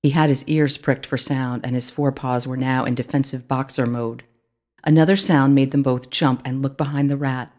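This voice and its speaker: An author reading their own children's book aloud, in clear, steady storytelling narration. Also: mid-range voice, normal speed.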